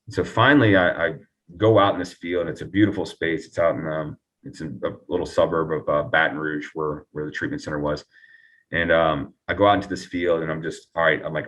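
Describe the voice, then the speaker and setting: A man telling his recovery story earnestly and reflectively as an interview guest, often pausing and restarting. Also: very deep voice, steady tone, fairly bright tone, far from the mic.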